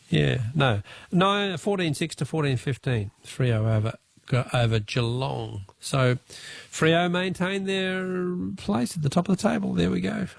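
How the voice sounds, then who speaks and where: A man's voice: a little high, gravelly, no room sound. A jovial, chatty Australian man hosting a radio quiz and talkback show. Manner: jovial, chatty, quick to laugh.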